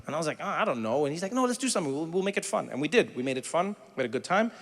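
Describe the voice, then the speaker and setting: A man's voice: on the high side, very fast. A man from South Africa doing stand-up comedy, telling stories animatedly, putting on voices and chatting with the audience. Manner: animated storytelling, acts out voices. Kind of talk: stand-up with crowd work. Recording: long hall reverb, faint noise.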